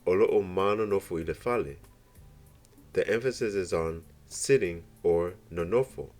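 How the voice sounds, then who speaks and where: A man narrating a scripted beginner language lesson, explaining slowly and carefully with example phrases. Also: deep voice, a little mellow. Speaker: language teacher.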